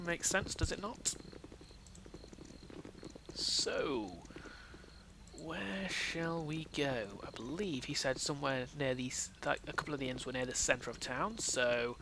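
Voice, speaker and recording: Gravelly young guy narrating gameplay. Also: on the high side, background noise. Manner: casual, thinking aloud. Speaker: let's play host. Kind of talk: gameplay commentary.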